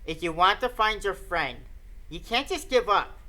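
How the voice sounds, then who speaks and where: A woman voicing a sweetly menacing little ghost girl who speaks in a soft, soothing, coaxing way. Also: medium pitch, expressive, normal speed. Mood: eerily soothing.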